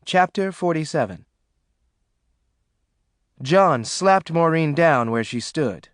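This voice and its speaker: A man giving steady, dramatic audiobook narration. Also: a little high, takes it slowly, dry recording, clean studio sound.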